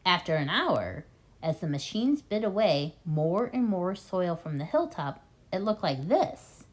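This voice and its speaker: A woman reading a children's book aloud as a reading tutor, with expressive, lively storytelling. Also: lowish voice, measured pace.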